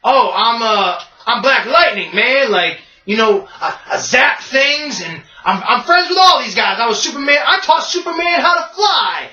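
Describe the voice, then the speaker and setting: A man putting on the voice of a brash, jive-talking male superhero who brags and shouts. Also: very high voice, very animated, moderate pace, few pauses, voice pushed up, full character voice. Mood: boastful. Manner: shouting, boastful. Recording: roomy, distant, dull lo-fi sound.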